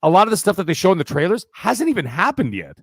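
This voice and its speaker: Man chatting casually, slightly high voice. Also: fast talker, husky, no echo. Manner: animated, profane, repeats "right?". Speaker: podcast co-host. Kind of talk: casual chat.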